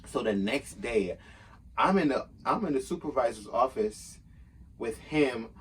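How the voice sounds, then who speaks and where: A man casually telling a workplace story, acting out quotes in a raised, animated voice. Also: medium pitch, unhurried, recorded from a distance, slight background noise.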